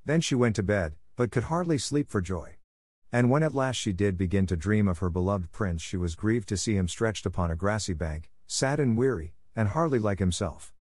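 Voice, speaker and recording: A male narrator reads a classic fairy tale in a steady, even storytelling manner. His voice is on the low side, and the recording is dry and close with no room sound. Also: moderate pace, dry recording. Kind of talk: scripted audiobook narration.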